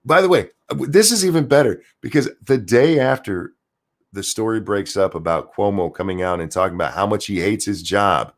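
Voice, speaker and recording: A man hosts a political rant livestream, reading chat comments aloud with plenty of profanity and sarcasm. His voice is fairly low and his speed is normal.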